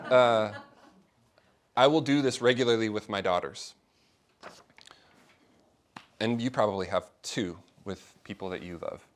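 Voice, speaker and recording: A man's voice: lowish voice, clear, resonant tone. A middle-aged man leading a faith discussion class, talking informally to a small group and acting out the people he quotes. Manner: conversational, animated, acts out quoted voices.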